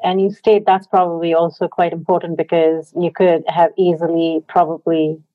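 A woman interviewer asks her guest questions in a relaxed, encouraging way. Her voice sits slightly low and comes through a thin, phone-like line. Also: normal speed. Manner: encouraging, with short reactions and laughs. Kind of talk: casual interview.

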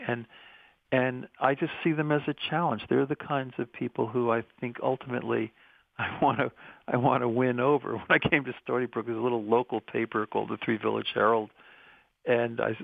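A man speaking as an interview guest, earnest and musing, with halting restarts as he reflects. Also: medium pitch, gravelly, no echo. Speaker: interview guest, medical school researcher. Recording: tinny phone-line sound, dry.

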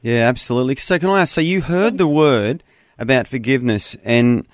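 A man's voice: medium pitch, fairly quick, no room sound. A man hosts a Christian talkback radio program. He speaks in an earnest, encouraging, conversational way, and his voice sits close and dry with no room around it.

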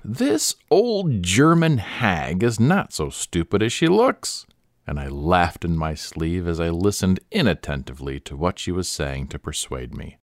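A male podcast host reads a short story in a deep, lively voice, with measured and expressive narration. He is close on a studio mic. The sound is dry, with no room around it. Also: dry recording. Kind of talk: scripted narration.

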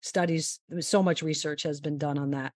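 A woman golf mental-game coach giving a long, animated interview answer and acting out the quotes in her story. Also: deep voice, moderate pace, dry recording, studio quality.

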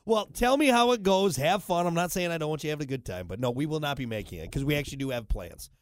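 A man's voice: fairly high pitch, lively intonation, quick pace, no room sound, studio quality. A man hosting a morning radio show, bantering and joking in a crude, teasing way. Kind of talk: casual banter.

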